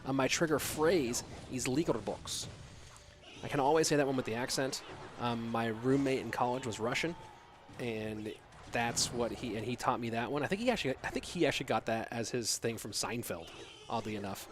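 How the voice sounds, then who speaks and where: A man's voice: medium pitch, fairly quick, slight background noise. Rambling man streaming esports commentary. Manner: loose and rambling, with frequent restarts while answering chat. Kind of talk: live esports commentary mixed with reading chat.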